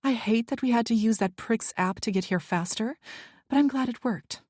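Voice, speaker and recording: A woman reading an audiobook, voicing a brash, impatient young woman friend who talks loudly and bluntly. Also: fairly high pitch, moderate pace, slightly rough, dry recording, studio quality, pitched above the performer's own voice. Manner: loud and blunt.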